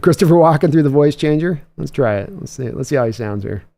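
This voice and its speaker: A man's voice: fairly high pitch, lively intonation, fast talker, creaky, warm tone. A man hosting a casual livestream, chatty, reading viewer comments aloud and chuckling often. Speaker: host.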